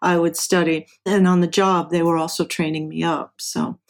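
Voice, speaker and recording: A woman's voice: on the low side, little pitch movement, moderate pace. A middle-aged woman from Southern California, telling stories from her career as an interview guest. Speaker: interview guest, engineer and professor. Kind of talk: casual storytelling.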